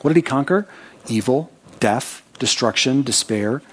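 Man, pastor, sermon, conversational preaching, scripture reading with asides, mid-pitched voice. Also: measured pace, slightly rough. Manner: conversational preaching with frequent "right?" check-ins; reads scripture aloud with asides.

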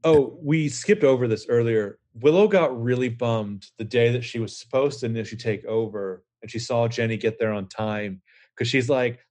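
A man with an average-pitched voice co-hosts a casual podcast. He talks in an animated way, often jumping in with side notes and trivia while connected over a remote call. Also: fairly quick. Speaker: podcast co-host. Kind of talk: casual chat. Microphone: remote call setup.

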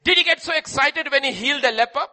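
A man preaching a sermon, repeating rhetorical questions and swinging between loud cries and hushed passages. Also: very high-pitched, fast talker.

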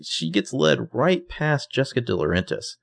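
A man's voice: medium pitch, sing-song, moderate pace, creaky, no room sound. A man co-hosting a podcast, recapping a TV episode in laid-back, jokey casual chat.

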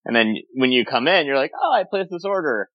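A man's voice: mid-range voice, expressive, a little fast, dry recording, dull audio. A man co-hosting a podcast, chatting casually with wry humor. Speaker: podcast co-host. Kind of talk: casual chat.

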